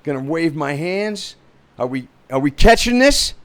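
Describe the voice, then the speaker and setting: A man's voice: fairly high pitch, sing-song, a little slow, fairly bright tone. A man hosting his own show, chatting loosely and rambling through news and clips with frequent fillers. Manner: rambling, full of fillers and restarts. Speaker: realtor hosting a commentary stream. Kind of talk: casual rambling commentary.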